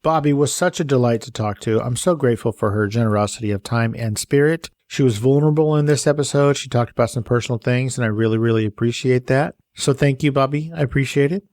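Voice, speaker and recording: A man's voice: mid-range voice, quick pace, hardly any pauses, darkish tone, no room sound, studio quality. A man hosting a podcast interview, chatting in an upbeat, jokey way and laughing often. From American South. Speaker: podcast host. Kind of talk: podcast interview, casual chat.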